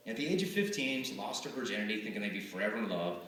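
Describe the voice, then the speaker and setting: Animated man talking in an echoey hall. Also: fairly low pitch, very fast. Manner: animated, acts out quoted voices. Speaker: speaker addressing students. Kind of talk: live motivational talk to an audience. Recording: echoey hall from far off, faint hiss.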